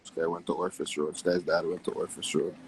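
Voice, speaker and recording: A young man, ranting profanely on a phone livestream, his voice jumping wildly between low and high. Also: quick pace, gravelly, slight background noise, rough recording. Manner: profane, animated, wild pitch swings. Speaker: livestream host. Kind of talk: casual livestream rant.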